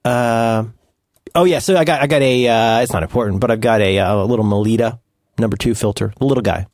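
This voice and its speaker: A man's voice: medium pitch, fairly quick, darkish tone, no room sound, clean studio sound. A man co-hosting a podcast in casual chat, playful and riffing, dropping into silly voices now and then. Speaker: podcast co-host.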